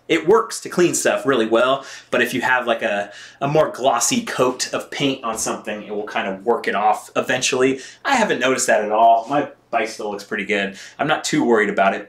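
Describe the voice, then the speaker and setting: A man's voice: medium pitch, fairly bright tone, reverberant. A man chatting casually on a live stream, laughing often and reading out viewer comments while cleaning his bike. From United States.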